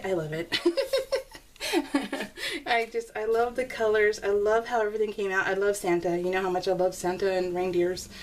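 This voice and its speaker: A woman in her forties chatting to her viewers while scrapbooking, gushing and laughing often. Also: mid-range voice. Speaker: scrapbooking vlogger. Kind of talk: casual chat to viewers while crafting. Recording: slightly distant mic, faint background noise.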